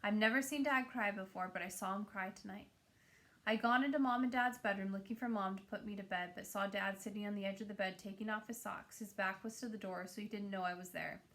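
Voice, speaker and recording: A woman's voice: medium pitch, fairly even intonation, a little fast, a bit bright. A woman reading a novel aloud. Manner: plain, earnest reading with small slips and restarts. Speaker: reader.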